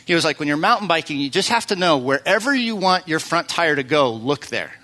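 Bright-voiced pastor preaching casually. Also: male voice, fairly high pitch, expressive, a little fast. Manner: conversational storytelling with fillers and restarts. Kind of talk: sermon.

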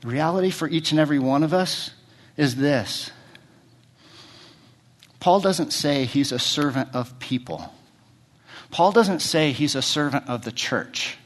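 A middle-aged male pastor with a somewhat high voice delivers a sermon. He speaks in short bursts and poses question after question to the congregation. His voice drops low and quiet, then rises higher and louder. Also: animated, unhurried, long pauses. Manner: asks the congregation many rhetorical questions; speaks in short fragments, repeating words as he restarts.

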